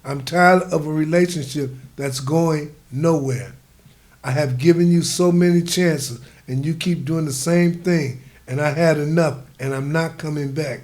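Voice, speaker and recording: A woman's voice: sits low, unhurried, a little mellow. Man voicing a fed-up wife in a memoir reading, curt and firm. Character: weary wife leaving her husband.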